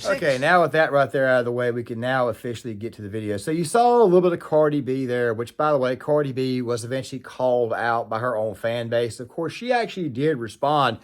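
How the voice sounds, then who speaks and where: A man's voice: mid-range voice, expressive, quick pace, few pauses. A man hosting a political commentary video, talking straight to viewers in a casual way with plenty of fillers. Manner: talks to viewers directly, with frequent fillers.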